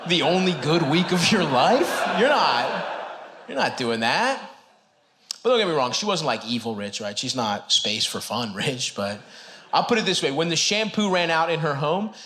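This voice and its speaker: A man doing a stand-up comedy set on a club stage, talking casually to the crowd, often laughing and punching lines up loud. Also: on the high side, very animated, moderate pace. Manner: conversational, breaks into laughter, punches up lines with sudden loud jumps. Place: comedy club stage before a live audience.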